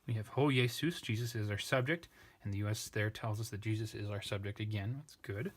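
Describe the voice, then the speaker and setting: Male tutor, lowish voice, methodical, self-correcting walkthrough. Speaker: language tutor. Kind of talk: parsing walkthrough lesson.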